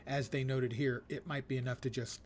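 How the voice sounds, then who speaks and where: Male streamer, mid pitch, wry and muttering casual commentary, faint ambient hiss. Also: little pitch movement, a little fast. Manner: wry and chatty, mock-judging player names. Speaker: game streamer.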